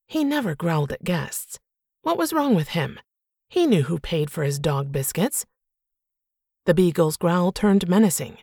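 Low, gravelly woman narrating. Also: animated, dark tone, no room sound, clean studio sound. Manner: measured, reflective storytelling. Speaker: audiobook narrator. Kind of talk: first-person audiobook narration.

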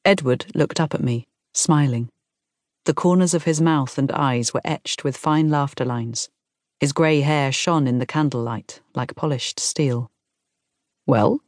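A calm woman with a deep voice narrates a novel as an audiobook narrator, reading scripted first-person narration. The recording is dry, with clean studio sound.

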